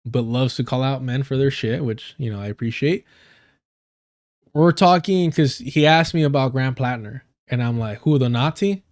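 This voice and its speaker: A man on a live stream, spinning casual stories from work with plenty of cursing and laughter. His voice sits at an ordinary middle pitch and his talk wanders, doubling back on itself as he goes. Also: a little mellow. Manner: profane, laughs often, loose and rambling. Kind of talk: casual storytelling.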